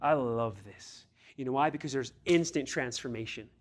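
At moderate pace and medium pitch, a youth pastor preaches with earnest directness. He keeps pressing listeners with blunt questions and now and then gives voice to figures in scripture.

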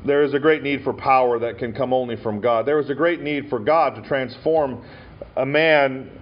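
In a church sanctuary, a Montana pastor with a medium-pitched voice and moderate pace delivers an ordination sermon. His storytelling is dotted with fillers and false starts, and the recording sounds dull and lo-fi.

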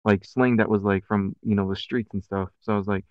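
A man's voice: on the low side, fairly even intonation, fairly quick, no echo, muffled recording. A man with a country twang mixed with city slang, chatting casually as a podcast co-host and rambling through many fillers and restarts. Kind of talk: casual chat.

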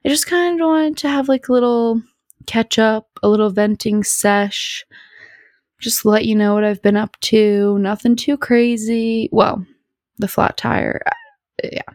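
A woman's voice: medium pitch, flat delivery, takes it slowly, a little mellow, no room sound, studio quality. A young woman hosting a podcast at home, chatting casually in a rambling, bubbly, self-deprecating way. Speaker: podcast host. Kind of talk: casual solo chat.

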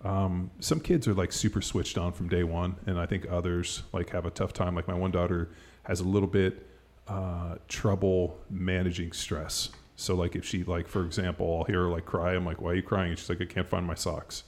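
A middle-aged podcast host talks at a moderate pace, his low, darkish voice holding a level tone. The casual chat wanders, heavy on fillers such as "like" and "you know," and he laughs easily throughout.

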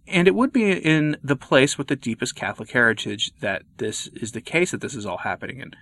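A man hosting a Catholic commentary video, reading his scripted remarks in an earnest, measured way. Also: medium pitch, sharp tone.

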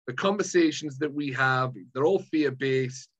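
Speaking a little slowly, with a breathy edge to his mid-range voice, a Scottish mind management coach chats casually as a guest on dull audio. He brings his own story to life by acting out how his past self behaved.

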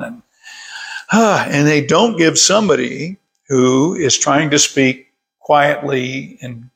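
A man's voice: a little high, creaky. An older man leading a casual Bible study from his workshop, folksy and chuckling as he tells stories.

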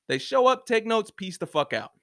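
A man's voice: high-pitched, big pitch swings, moderate pace, a bit bright. A man hosting a solo podcast, ranting in a profane, heated and sarcastic way, often mocking other people's views. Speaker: podcast host. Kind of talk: opinionated solo podcast rant.

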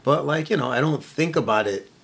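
A man's voice: fairly high pitch, gravelly, breathy edge. A man chatting as a podcast guest, rambling loosely and packing his talk with filler words. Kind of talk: casual chat.

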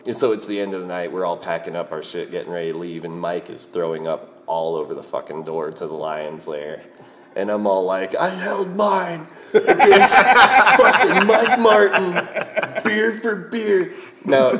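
Young male comic, low voice, swearing and laughing through a casual story, light room noise. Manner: profane, laughing, acts out quotes. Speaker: comedian.

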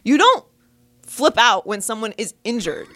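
A woman co-hosts a sports podcast in casual chat. Her high voice swings widely in pitch as she tells her story. The sound is dry and close to the mic. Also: measured pace, no echo. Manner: animated storyteller, loud exclamations. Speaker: podcast co-host.

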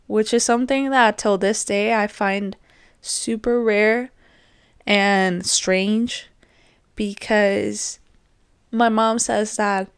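A woman in her twenties telling a personal story on her podcast, reflective and gently hesitant. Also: mid-range voice, fairly even intonation, slow, clear, resonant tone, no room sound, clean studio sound. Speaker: podcast host.

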